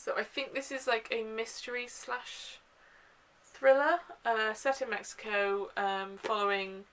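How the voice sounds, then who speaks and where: A young woman talking casually to her camera at home, chatty and enthusiastic, filling pauses with ums and uhs. Her pitch sits in a middle range. A faint hiss runs under the recording. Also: sharp tone, poor audio. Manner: chatty and gushing, with frequent fillers. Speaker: book vlogger. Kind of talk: casual book haul chat.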